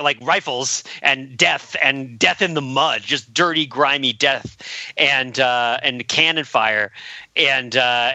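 A man co-hosting a casual film discussion podcast, animated and quick to laugh between points. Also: mid-range voice, no room sound. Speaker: podcast co-host.

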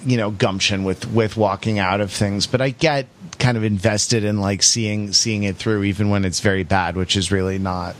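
A man's voice: fairly low pitch, fairly even intonation, normal speed, hardly any pauses. A man hosting a casual podcast, reading listener comments aloud with many fillers and restarts. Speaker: podcast host.

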